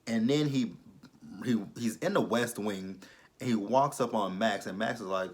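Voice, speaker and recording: Blunt low-voiced man recapping a show. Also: moderate pace. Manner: blunt, profane, incredulous asides. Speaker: TV episode reviewer. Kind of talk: casual recap vlog.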